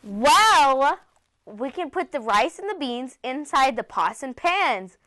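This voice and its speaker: A woman's voice: high voice, big pitch swings, takes it slowly, sharp tone. Sassy teasing woman pirate. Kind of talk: improvised pirate comedy skit.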